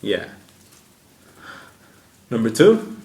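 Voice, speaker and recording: A man's voice: mid-range voice, big pitch swings, very slow, warm tone. Profane ranting man in an echoey room. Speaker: podcast co-host. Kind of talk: casual podcast banter. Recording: echoey room with faint noise.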